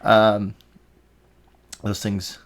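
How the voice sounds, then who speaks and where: A man's voice: fairly low pitch, monotone, very slow. A man hosting a podcast and interviewing his mother, talking in a rambling, emotional way with many fillers. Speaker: podcast host. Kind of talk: casual interview. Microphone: podcast microphone.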